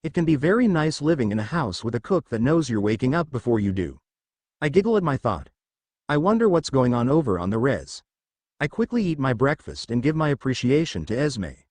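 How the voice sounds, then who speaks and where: A man reading a first-person fan fiction audiobook in a lively, expressive way. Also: mid-range voice, a little fast, dry recording.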